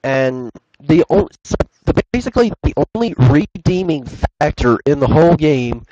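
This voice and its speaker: A man's voice: a little high, sing-song, moderate pace, dark tone, no echo. Ranting man on a dull, dry mic. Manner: ranting, swears a lot. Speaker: podcast co-host. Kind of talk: casual chat.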